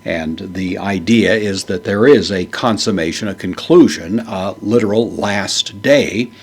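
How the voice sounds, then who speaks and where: A man teaching a Bible verse word by word, parsing each word in a measured way with frequent fillers. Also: lowish voice, breathy edge. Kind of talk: unscripted Greek verse lesson.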